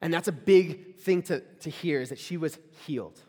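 With a warm, slightly breathy voice on the high side, a young man speaks at a moderate pace. He's a campus ministry speaker giving an informal, story-based sermon to a live audience in a large hall, chatty and loaded with "like" and questions to those present, all captured with noticeable hall echo.

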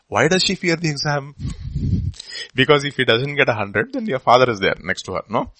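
A man preaching a sermon in an Indian English accent, his delivery lively and swinging widely in pitch. His voice has a bright, forceful edge with a husky grain. He presses his points with emphatic rhetorical questions. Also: moderate pace, dry recording, rough recording. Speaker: pastor.

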